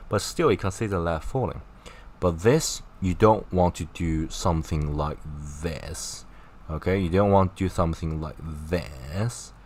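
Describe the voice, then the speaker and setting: Male tutor, unhurried, chatty and encouraging, walks through examples step by step. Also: low voice. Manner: chatty, explains with gestures and repeated examples. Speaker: Chinese teacher. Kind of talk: casual online language lesson.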